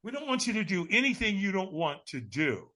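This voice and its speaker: An easygoing, friendly stranger talks in a calm, reassuring way, as a man quotes him. The voice sits high and swings around a lot, with a bright edge. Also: brisk, heavily acted. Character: friendly laid-back male stranger at event.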